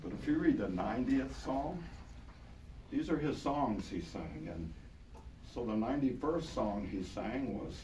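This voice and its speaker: An older man preaching a sermon to his congregation with a hoarse, partly gone voice, talking earnestly and casually, repeating words for emphasis. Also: mid-range voice, expressive, measured pace, mellow. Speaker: pastor. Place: large church hall with congregation. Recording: echoey hall, taken from far off, noisy.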